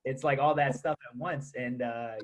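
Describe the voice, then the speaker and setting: A man's voice: medium pitch, steady tone, moderate pace. A man on a casual podcast panel, thinking aloud and rambling through his points. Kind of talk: casual debate chat.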